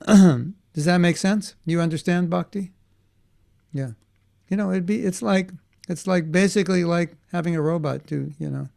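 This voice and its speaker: A man's voice: on the high side, creaky, darkish tone. A man teaching a class for children in a conversational way, often checking in with his students and restarting his sentences. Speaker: workshop teacher for kids.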